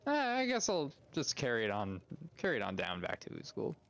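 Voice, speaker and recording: A man's voice: mid-range voice, huge pitch swings, normal speed, fairly bright tone. A man playing a tabletop game who answers in a laid-back way with short replies. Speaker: player.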